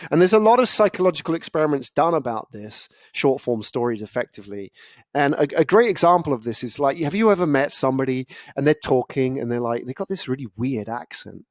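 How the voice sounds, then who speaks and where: A man giving a casual, animated talk about storytelling, often acting out other people's reactions. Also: mid-range voice, fairly quick, no echo, studio quality. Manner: animated, acts out listeners' reactions. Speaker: speaker on storytelling.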